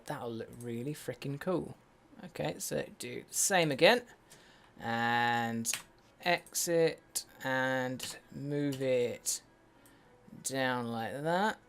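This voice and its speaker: A man's voice: medium pitch, fairly bright tone. A man giving casual game commentary as a let's play host, muttering to himself with wry, sweary asides. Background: faint in-game music.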